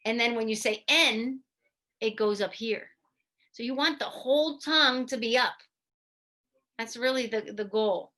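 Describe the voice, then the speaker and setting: A woman physical therapist giving an instructional talk, lively and demonstrating goofy mouth sounds as she teaches. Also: fairly high pitch, unhurried, pauses often. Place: video presentation to a study club.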